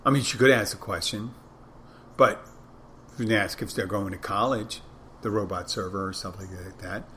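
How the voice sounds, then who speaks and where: A man's voice: on the low side, normal speed, fairly bright tone, a little hiss or hum. Rambling bartender man telling a story. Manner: rambling anecdotes, acts out dialogue. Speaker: bartender and podcast host. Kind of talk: casual storytelling monologue.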